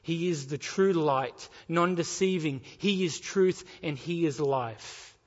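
Man, preacher, sermon, high voice, rhetorical questions, long hall reverb. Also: slow pace, highs cut off. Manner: expository preaching, rhetorical questions, reading scripture aloud.

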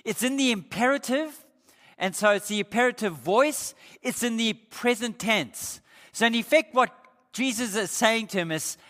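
A man's voice: sits high, animated, moderate pace. Preacher man in a reverberant hall. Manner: emphatic, swells louder on quoted words. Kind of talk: sermon.

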